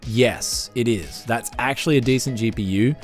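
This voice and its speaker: A man's voice: mid-range voice, normal speed, soft background music. A man with an Australian accent hosting a casual tech live stream, jokey, with frequent restarts.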